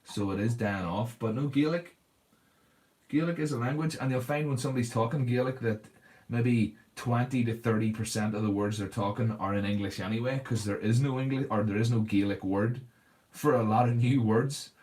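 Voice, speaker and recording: A man's voice: medium pitch, fairly quick, darkish tone. A man hosting a casual livestream, chatting and answering viewers' comments while he paints a model.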